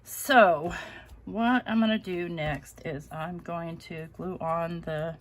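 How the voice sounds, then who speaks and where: A woman's voice: lowish voice, slow pace, slight background noise. Chatty woman crafting live. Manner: chatty, self-deprecating, laughs often. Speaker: crafting channel host. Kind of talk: casual live crafting stream.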